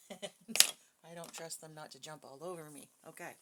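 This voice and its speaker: A woman with a slightly low voice gives a casual psychic reading at home. Her talk is chatty and hesitant, full of fillers and quick laughs. A faint noise runs under the recording. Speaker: psychic reader. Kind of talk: casual spoken reading with a recited prayer. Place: home with dogs nearby.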